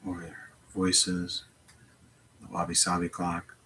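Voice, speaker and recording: Slow, low, gravelly meditation guide. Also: male voice, monotone, a little hiss or hum. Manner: slow, gentle, with long pauses. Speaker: meditation teacher. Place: home.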